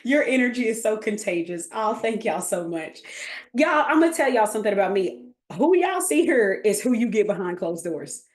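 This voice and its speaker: A woman's voice: medium pitch, very animated, normal speed, roomy sound. A woman, chatting casually as a coach, goofy and full of laughter. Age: 30s. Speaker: host and coach. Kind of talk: casual livestream chat.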